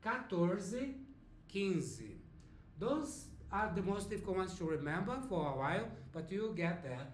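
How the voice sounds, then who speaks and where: Brazilian guy teaching a beginner class, high-ish voice, says each word slow so you can repeat, echoey room. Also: animated, a little hiss or hum. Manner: slow, drawn-out repetition of words for learners. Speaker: language teacher. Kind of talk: language lesson with repeat-after-me drills.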